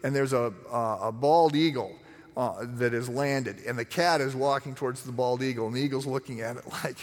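A middle-aged man preaching a sermon, telling stories with lively acted-out voices. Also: mid-range voice, fairly quick, big-room sound. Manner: animated storytelling, acts out voices. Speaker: pastor.

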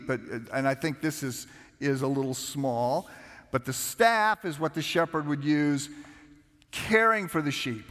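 A man, preaching a conversational sermon full of personal stories, relaxed and self-deprecating, with frequent restarts. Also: fairly high pitch, in a large hall. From United States. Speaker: pastor.

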